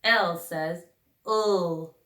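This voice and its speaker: A woman teacher leading a phonics lesson for young children, sounding out each letter slowly and deliberately. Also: lowish voice, pushed and bright. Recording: echoey room, recorded from a distance.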